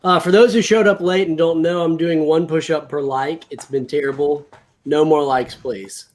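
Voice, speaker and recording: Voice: mid-range voice, steady tone, normal speed, darkish tone. A livestream host chatting casually about comics and films, thinking aloud. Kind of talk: casual chat.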